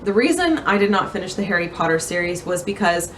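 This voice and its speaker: A young woman book vlogger chatting to camera at home among her bookshelves, self-mocking and quick to laugh. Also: lowish voice, big pitch swings, fairly bright tone, slight background noise. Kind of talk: casual chat to camera. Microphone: camera mic.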